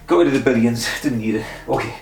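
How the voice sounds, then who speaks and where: A man's voice: medium pitch, quick pace, vocal fry, roomy sound. Breathless, self-mocking man counting reps. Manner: chuckling, self-mocking, talks to himself. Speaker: vlogger doing a memory and pull-up challenge. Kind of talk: casual self-talk while exercising.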